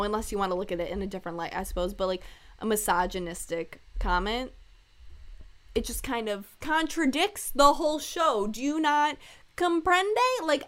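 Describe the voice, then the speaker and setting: A woman's voice: a little high, a bit bright, smooth. Rambling, jokey young woman podcaster. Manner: candid, rambling, full of "like" and asides; jokey and irreverent, laughs often. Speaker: podcast host. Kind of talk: casual solo podcast chat.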